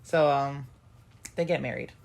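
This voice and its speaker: A woman's voice: very deep voice, unhurried. Rambling woman retelling a story casually. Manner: rambling, animated retelling of a plot with many fillers. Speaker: podcast co-host. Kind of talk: casual chat.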